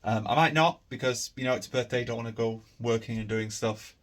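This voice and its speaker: A man's voice: medium pitch, fairly quick. A tired man, chatting casually to camera in a rambling, easygoing vlog. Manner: rambling, easygoing, many fillers. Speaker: vlogger.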